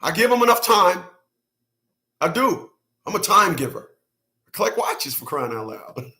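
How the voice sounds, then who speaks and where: Speaking in a sing-song way at a moderate pace, a channel host with a high, bright voice reacts to clips for his viewers. He is blunt and swears heavily, driving his points in by repeating individual words.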